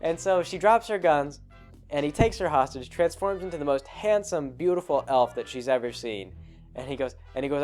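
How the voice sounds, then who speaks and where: A man hosts a podcast and retells a game session in a loose, chatty way. His voice sits a little high, and he wanders through asides as he goes. Soft music runs faintly underneath. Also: normal speed. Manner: chatty, rambling, full of asides. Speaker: podcast host. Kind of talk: casual storytelling.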